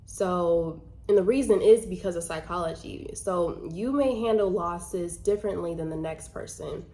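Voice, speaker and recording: A woman's voice: on the low side, normal speed, mellow. A woman trader in a casual vlog, talking earnestly and chattily, with lots of "like" fillers. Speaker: vlogger and trader. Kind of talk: casual talk to camera.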